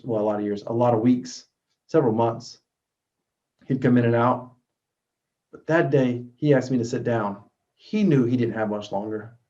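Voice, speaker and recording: Male motivational storyteller, earnest, loud then hushed, warm low timbre, muffled audio. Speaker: motivational speaker. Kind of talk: storytelling talk. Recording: dull lo-fi recording.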